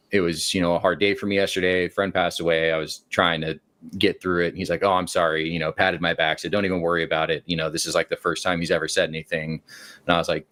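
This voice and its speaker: A man with a fairly low voice tells a long story casually as a caller on a talk show. He acts out each quoted line with its own shifting voice and keeps the story moving. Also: fairly bright tone.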